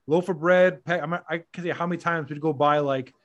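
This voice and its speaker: A man telling a funny story in a casual, profane podcast chat, animated and laughing often. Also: a little high, fast, lo-fi sound.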